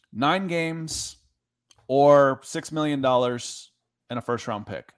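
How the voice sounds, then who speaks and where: A man hosting a casual sports talk show, chatting loosely and reading viewer comments aloud. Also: fairly high pitch. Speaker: podcast host.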